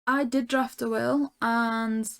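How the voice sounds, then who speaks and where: Female podcast co-host, slightly high voice, chatty plot recaps, laughs easily. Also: fairly even intonation, takes it slowly, creaky, a bit bright, smooth. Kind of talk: casual review chat.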